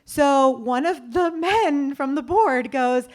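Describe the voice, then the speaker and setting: Woman, fairly high voice, lively storyteller, acts out quoted voices, interview guest. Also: slow. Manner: lively storyteller acting out quoted voices with big pitch jumps. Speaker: company co-founder, interview guest. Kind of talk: animated anecdote telling.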